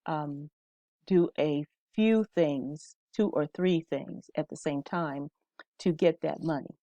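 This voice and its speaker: Low-voiced woman teaching casually. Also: takes it slowly, warm tone, no room sound, dull audio. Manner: conversational, checks in with "okay?". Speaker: instructor.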